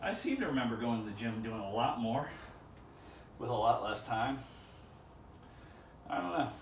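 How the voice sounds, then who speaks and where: A man's voice: medium pitch, sing-song, moderate pace, a little hiss or hum. A man talking casually to the camera during a gym workout, musing aloud between sets. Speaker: vlogger. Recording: echoey gym, far from mic.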